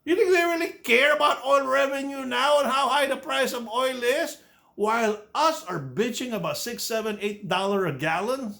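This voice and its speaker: A man's voice: very high voice, moderate pace, gravelly, sharp tone. A man in his sixties ranting bluntly to his YouTube viewers, swearing freely, repeating and restarting his words. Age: 60s. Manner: blunt, profane, repetitive restarts. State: coughing. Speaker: YouTube commentator. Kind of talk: ranting opinion monologue.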